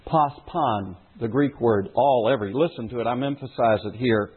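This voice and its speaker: A man's voice: medium pitch, normal speed, few pauses, slightly rough. A middle-aged male pastor preaching a sermon, putting rhetorical questions to his congregation. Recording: phone-like lo-fi recording.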